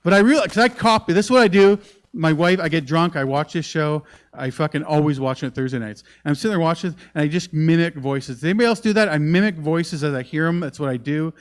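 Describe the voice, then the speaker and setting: Man, stand-up comic, slightly higher voice, swearing, rambling, live club stage mic. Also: fast. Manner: profane, rambling, animated storytelling. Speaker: stand-up comedian.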